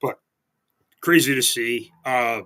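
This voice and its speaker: Speaking slowly in a medium-pitched, sharp-toned voice, a man co-hosts a sports radio show over a remote call-in line. His chat is casual, rambling, and sarcastic, full of restarts.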